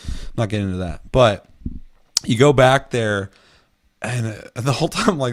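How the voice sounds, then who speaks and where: Man, podcast co-host, casual chat, swears a lot, lively storyteller, mid-range voice. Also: mid-range voice, quick pace. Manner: profane, animated storytelling with acted-out quotes.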